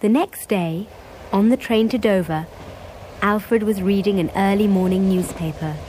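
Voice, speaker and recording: A woman narrating a scripted story in a measured, clear storytelling manner. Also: medium pitch, mellow, slight background noise, poor audio.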